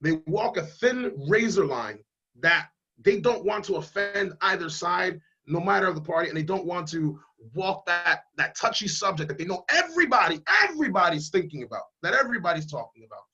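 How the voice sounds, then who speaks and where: A political candidate speaks in a high, bright and slightly husky voice. He talks emphatically and bluntly, pushing his points with fiery conviction. The sound is dull and lo-fi, as on a video call. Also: expressive, brisk. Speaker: congressional candidate. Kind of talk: casual interview over video call.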